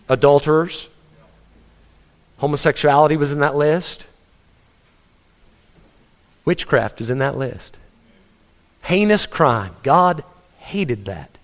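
A pastor preaching with fervent emphasis, his voice set a little higher than most men's. He asks rhetorical questions and stumbles over repeated words as he presses each point home. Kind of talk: sermon.

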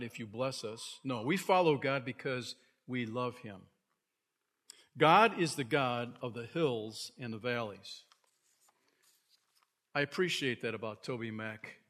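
A pastor preaching a sermon, moving between quiet asides and loud, fervent scripture reading. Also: male voice, medium pitch. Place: church sanctuary.

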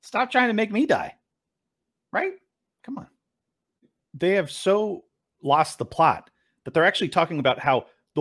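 A man delivers a heated commentary rant, swearing freely and dripping with sarcasm. His voice is a touch high and swings widely in pitch as he mocks what he has just played. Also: sing-song, moderate pace, long pauses, fairly bright tone, breathy edge. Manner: profane, sarcastic, incredulous; mocks clips with mimicking voices. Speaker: commentary host. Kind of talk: ranting political commentary.

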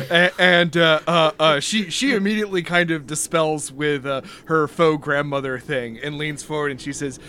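A man narrating as game master of a tabletop game, halting with many fillers and restarts. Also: on the high side, fairly even intonation, sharp tone, clean tone.

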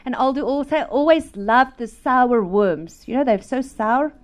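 A woman with a high, light voice delivers a lively testimony from the pulpit. She acts out the people in her story, dropping to a hush and then bursting into laughter. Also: measured pace. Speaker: speaker at a church. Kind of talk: testimony sermon.

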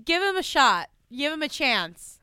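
A young woman talking casually as a podcast guest, earnest and animated, laughing often. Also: sits high, measured pace, dry recording, clean studio sound. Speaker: podcast guest, psychic medium. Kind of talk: casual chat.

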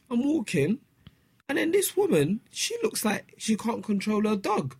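A man's voice: high voice, unhurried, breathy edge. A man telling a story in casual chat, acting out what people said. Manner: animated storyteller, acts out quotes.

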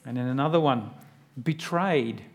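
A man's voice: medium pitch, moderate pace, gravelly. A man preaching a sermon in an earnest, conversational way, often turning to the listener with direct questions.

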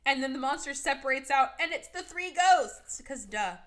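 High bright chatty woman podcast host. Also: animated. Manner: chatty, sarcastic, full of fillers and quick quoted voices. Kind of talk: casual movie recap chat.

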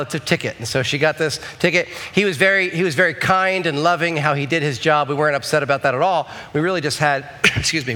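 Pastor, man, slightly high voice; playful, animated sermon storytelling. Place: church sanctuary. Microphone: handheld or headset mic.

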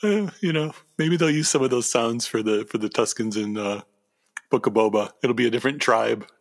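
A man's voice: mid-range voice, brisk. A man co-hosting a casual comedy chat, joking, riffing and laughing often. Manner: joking, laughs often, riffs on absurd ideas. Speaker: podcast co-host.

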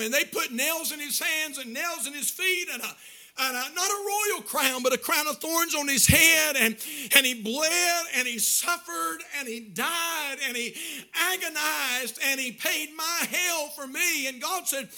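A man preaching in a strikingly high, sharp and piercing voice. He rides a rhythmic, sing-song cadence that swells into shouts, then drops into chuckling, folksy asides to his congregation. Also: a little slow. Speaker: pastor. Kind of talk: sermon.

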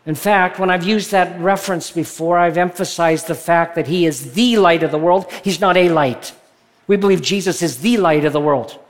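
A male pastor delivering a sermon in a conversational preaching manner, reading scripture and sometimes rising with excitement. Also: sits high.

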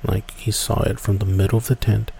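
A man casually telling a spooky woods story, rambling and dropping to hushed whispers at tense moments. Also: fairly low pitch, brisk, creaky, a little hiss or hum. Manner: relaxed, rambling, drops to hushed whispers for tension. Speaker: podcast storyteller.

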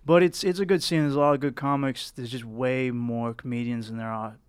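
A man from South Boston talks with a thick Boston accent. He tells stories in a wry, self-deprecating way. His voice is recorded close and dry, with a middle pitch. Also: fairly even intonation, brisk, clear, resonant tone, no room sound. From South Boston, USA. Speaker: comedian guest. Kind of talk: casual podcast chat.

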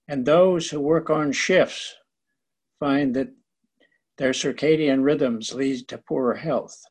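A man gives a short prepared talk as an invited guest. His voice sits a little higher than most men's. He speaks in steady, measured, declarative sentences.

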